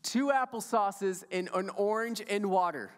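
A man's voice: high voice, measured pace. A male pastor preaching a sermon with a playful, enthusiastic manner and chatting with his congregation. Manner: enthusiastic, playful, audience interaction. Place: church sanctuary. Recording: long church hall reverb.

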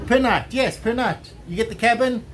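A travel vlogger chats and jokes while touring boats at a busy outdoor waterfront boat show, thinking aloud as he walks. His voice is very high-pitched at a moderate pace, with faint background noise in the recording.

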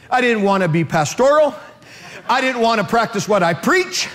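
A middle-aged male pastor preaching a lively sermon with comic stories, acting out voices and shouting in bursts. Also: extremely high pitch, normal speed.

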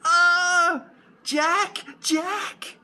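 Frantic scolding mother from a read-aloud storybook, shrill, high and loud, put on by the reader. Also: steady tone, extremely slow, slight background noise, full character voice. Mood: exasperated.

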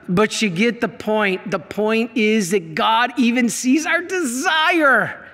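A man's voice: sits high, unhurried, big-room sound. A male priest teaching about faith, telling stories with feeling and acting out the voices in them. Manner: animated storyteller, acts out quoted voices; emotional, worked up.

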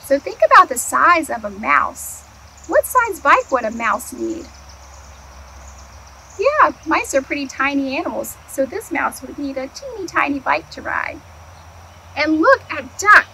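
A woman's voice: high voice, slight background noise, low-quality recording. A woman, an early childhood educator, reading a picture book aloud to young children, asking them questions and answering them herself. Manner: animated, asks the kids questions and answers them; slow, clear storytime delivery.

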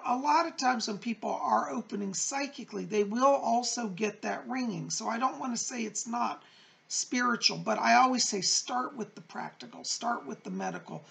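A middle-aged man hosting a psychic advice show, reading viewer letters aloud and answering them in a gentle, reassuring, chatty way. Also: high-pitched, gravelly. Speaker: psychic medium host.

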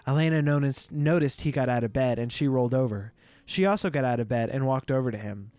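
A man's voice: mid-range voice, fast, a little mellow, no echo. A young man co-hosting a podcast, reading an old story aloud with mock drama and bursts of laughter. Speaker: podcast co-host.

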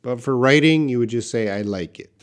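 A man teaching English on a live stream, slowly answering viewers' questions one by one. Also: medium pitch. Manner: slow, patient, reads out viewer questions. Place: classroom with a whiteboard.

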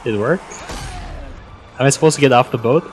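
A man's voice: mid-range voice, fairly quick, a little hiss or hum. A man talking hesitantly, with stammered restarts, during a casual co-op game. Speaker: game player. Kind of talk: casual gaming chat.

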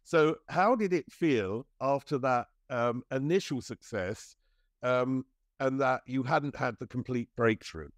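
A man's voice: mid-range voice, measured pace, dry recording, studio quality. A man hosting a podcast interview, asking long searching questions with many hesitations.

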